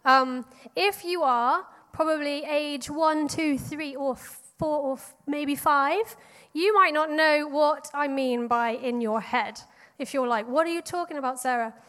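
High, encouraging woman leading children's prayer. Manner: bright, encouraging, paced with pauses. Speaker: children's church leader. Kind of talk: guided prayer for children and families. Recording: long hall reverb.

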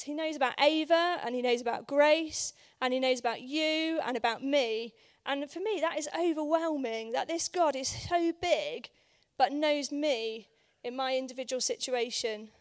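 Hoarse woman giving a chatty sermon. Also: sits high. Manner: conversational, many ums, asks the room for agreement. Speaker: guest preacher. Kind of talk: informal sermon. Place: church service.

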